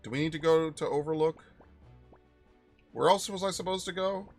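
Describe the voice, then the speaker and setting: A young man streaming a video game, chatting casually with viewers and rambling through stories with sudden loud outbursts. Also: fairly high pitch, moderate pace, faint music behind. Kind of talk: casual live-stream chat while playing.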